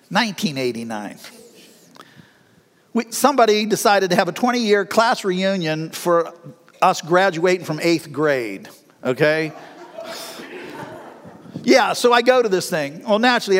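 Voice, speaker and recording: A middle-aged man preaching a sermon in a folksy, animated way, with laughs between his lines. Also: sits high, a little slow, pauses often, in a large hall. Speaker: pastor.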